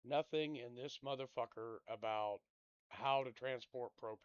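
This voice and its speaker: A man's voice: medium pitch, moderate pace, clear, resonant tone, dry recording. Man, gameplay streamer, irritable and profane, dry dull lo-fi home mic. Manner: frustrated, swearing, grumbling to himself. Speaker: gaming streamer. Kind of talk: casual gameplay commentary.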